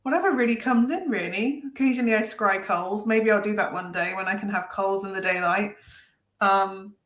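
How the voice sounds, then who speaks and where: A woman's voice: medium pitch, moderate pace, fairly bright tone. A woman who reads tarot introduces herself plainly and bluntly. Her voice sits in the middle range, and a roomy echo surrounds it. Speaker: tarot reader. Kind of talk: casual self-introduction.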